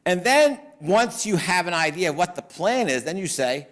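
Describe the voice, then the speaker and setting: A middle-aged man, an attorney, giving a seminar talk to business owners and telling lively stories with acted-out quotes. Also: sits high, normal speed, few pauses.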